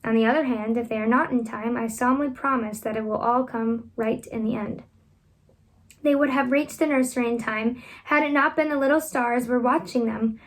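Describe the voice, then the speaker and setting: A woman reading a children's classic aloud at home, expressive and animated, lifting her voice for the children's lines. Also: on the high side, moderate pace. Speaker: reader.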